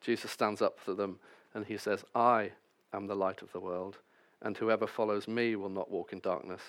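Male preacher, lowish voice, scripture reading mixed with wry asides. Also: steady tone, normal speed, fairly bright tone. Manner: reads scripture then preaches with self-deprecating asides. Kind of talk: sermon.

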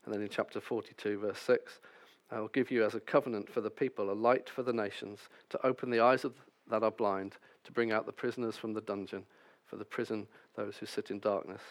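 Low-voiced man preaching a sermon. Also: fairly even intonation, a little fast. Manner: reads scripture then preaches with self-deprecating asides.

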